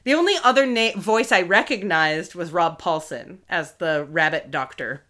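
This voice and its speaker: A woman co-hosting a casual podcast, chatting animatedly and slipping into silly voices. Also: lowish voice. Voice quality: animated, quick to slip into silly put-on voices. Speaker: podcast co-host. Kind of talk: casual chat.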